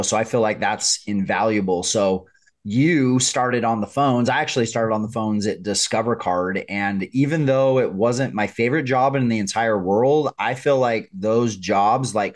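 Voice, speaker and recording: A man hosting a podcast, asking questions in a friendly, chatty way. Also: on the low side. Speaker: podcast host. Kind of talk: casual interview.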